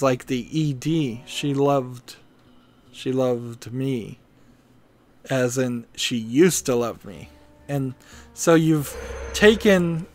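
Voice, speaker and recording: Give me a man thinking aloud in a slow, meandering gaming commentary. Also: fairly high pitch. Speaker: gaming video host. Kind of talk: rambling commentary while playing.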